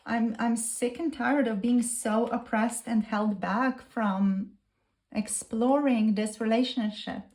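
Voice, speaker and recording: A woman's voice: fairly high pitch, steady tone, slow, darkish tone. A woman tarot reader speaking a channeled message in the first person, earnest and gushing, repeating herself.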